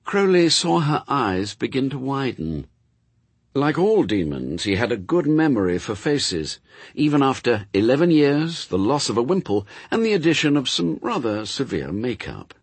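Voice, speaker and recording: A man narrating an audiobook in an expressive, dry storytelling manner. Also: medium pitch, normal speed, husky, no room sound. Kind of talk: scripted narration.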